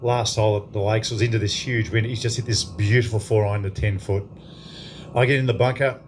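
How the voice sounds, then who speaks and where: A man's voice: fairly low pitch, a little fast, noisy background. An Australian man in his fifties telling a profane story as an after-dinner guest speaker in a club function room. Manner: profane, lively anecdote telling to a crowd.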